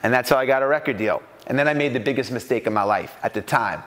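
A man from New York giving an animated storytelling talk at a business mastermind and acting out the voices in his anecdotes. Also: mid-range voice, fast, long reverb tail. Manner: animated, acts out quoted voices.

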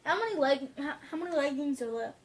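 A woman from Staten Island, New York, chatting off to the side and asking lots of quick, curious questions. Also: high-pitched, animated.

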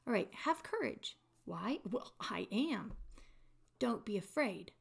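A woman's voice: fairly high pitch, sing-song, slow pace, gravelly, slightly rough. Chatty woman teaching a Bible study. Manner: conversational and enthusiastic, acting out quotes. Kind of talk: casual Bible study devotional.

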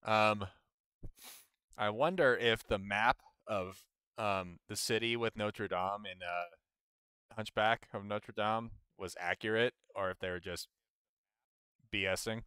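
A man's voice: lowish voice, fairly even intonation, slow pace, sharp tone, clean tone, no echo, clean studio sound. A man streaming a game, grumbling at it and laughing at himself as he talks. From United States. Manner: grumbling at the game, self-mocking, laughs often. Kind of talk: casual gameplay commentary.

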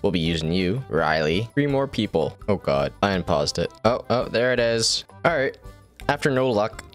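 A man hosting a gaming video, giving excitable, joking commentary with frequent swearing. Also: normal speed, soft background music. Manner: excitable, joking, swearing, jumps high when surprised. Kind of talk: gameplay commentary.

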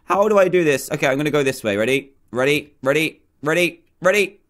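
An excitable man gives chatty let's-play commentary, muttering to himself between bursts of cheering. His voice sits fairly high for a man and swings widely, jumping up sharply on wins and dropping low and quiet when he is unsure. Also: brisk. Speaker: gaming channel host.

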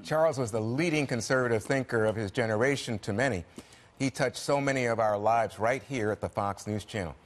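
A man's voice: medium pitch, brisk. A man co-hosting a panel talk show, chatting casually and passing questions to the other panelists. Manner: conversational, passes questions to others. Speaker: co-host leading the panel.

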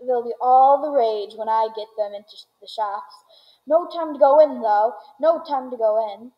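A woman reading aloud voices an excitable, eccentric male candy maker who talks in bursts of boastful exclamation. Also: a little high, moderate pace, dull audio, natural voice. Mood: exuberant.

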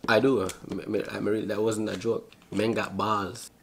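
A man's voice: fairly low pitch, little pitch movement, moderate pace, creaky, a little hiss or hum. A young man with a Jamaican accent, talking to camera as a vlogger in a crude, joking way. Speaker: YouTube vlogger. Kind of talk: casual vlog and video-chat pranks.

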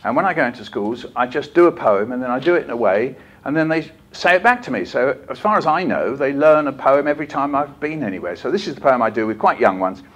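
A man's voice: mid-range voice, animated, fast talker. A man speaking to a conference of teachers, telling stories with playful put-on voices and leading the audience in a call-and-response poem. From England. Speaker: children's poet giving a storytelling masterclass. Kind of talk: lively storytelling talk to teachers. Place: conference hall.

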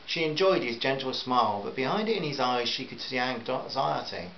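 A man reading a novel aloud at a measured pace with small stumbles, in a roomy, slightly dull recording with faint hiss. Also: medium pitch, animated, vocal fry. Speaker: audiobook narrator.

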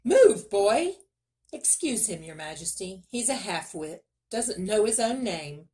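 A woman's voice: mid-range voice, animated, darkish tone, natural voice. Woman voicing a blustering, nervous fat miller. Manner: eager, fast-talking, flustered.

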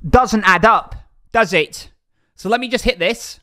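A young man chatting on a live stream, excitable and hyped, often repeating himself. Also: sits high, measured pace. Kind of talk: casual live-stream chat.

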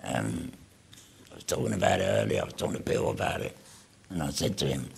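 Very gravelly, deep man telling a wry story. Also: lively intonation, fairly quick, pauses often. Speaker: panel speaker. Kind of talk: casual panel discussion.

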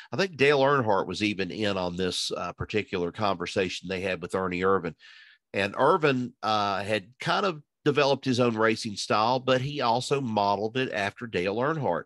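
A man's voice: fairly low pitch, normal speed, a bit bright, dry recording. A man giving casual, rambling racing analysis, full of fillers and restarts as he thinks aloud. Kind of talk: casual podcast chat.

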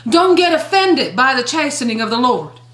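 A woman's voice: sits high, big pitch swings, moderate pace, a bit bright, echoey room. A woman evangelist delivering a fiery sermon, emphatic and swooping, with strong rises and sudden drops in force. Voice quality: emphatic, swooping preacher cadence.

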